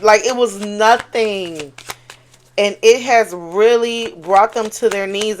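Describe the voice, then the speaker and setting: A woman talks through a tarot spread in a loose, chatty way. She swears freely and gets animated, breaking into exclamations. She repeats her key lines for emphasis, at a voice pitch in the middle range for a woman. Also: unhurried, a little hiss or hum. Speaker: tarot card reader. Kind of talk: casual channeled tarot reading.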